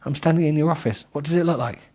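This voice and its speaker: A man's voice: fairly high pitch, quick pace, dark tone, breathy edge, voice pushed up. A man putting on a sassy indignant young woman. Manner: indignant, raised voice. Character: defiant young woman office worker, sassy.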